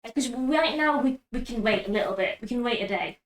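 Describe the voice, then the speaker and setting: A woman with a high, bright-sitting voice, chatting and interjecting as a tabletop game player. The room adds a noticeable echo. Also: expressive, brisk. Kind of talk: in-character game chat. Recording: echoey room.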